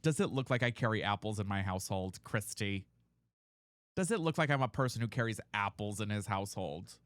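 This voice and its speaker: A man hosting a livestream, chatting casually and playfully with viewers while sleepy, on a boom mic at his home setup. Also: expressive, a little fast, no room sound. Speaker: livestream host. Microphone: boom mic on a mic arm.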